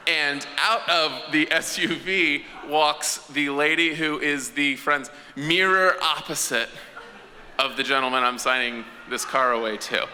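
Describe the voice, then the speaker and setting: A man tells a true story on stage and acts out each voice with animation. His tone is very bright and cutting. The sound carries a long hall echo over a faint noise floor. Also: mid-range voice. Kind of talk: live storytelling.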